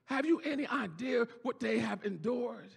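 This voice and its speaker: A pastor preaching a sermon in a church, shouting and half-singing his peaks, then dropping low for quiet asides. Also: moderate pace, gravelly. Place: church sanctuary. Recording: church hall reverb with faint organ music.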